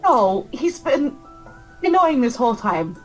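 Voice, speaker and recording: A woman's voice: sits high, big pitch swings, takes it slowly, faint music behind, poor audio. A woman playing a tabletop role-playing game, speaking in character in a blunt, matter-of-fact way.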